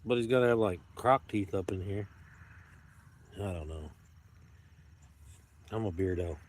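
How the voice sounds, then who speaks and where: A man's voice: deep voice, unhurried. A man talking casually on his video channel, a playful, rambling showman joking to the camera outdoors. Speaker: YouTube vlogger. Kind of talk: casual joking vlog talk. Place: outdoors at dusk with dogs around.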